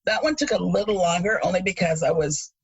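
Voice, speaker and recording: A woman co-hosting a podcast, telling stories in a casual, animated way with frequent laughs. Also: on the low side, brisk, husky, no echo, lo-fi sound. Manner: animated storyteller, laughs often. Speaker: podcast co-host. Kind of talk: casual chat.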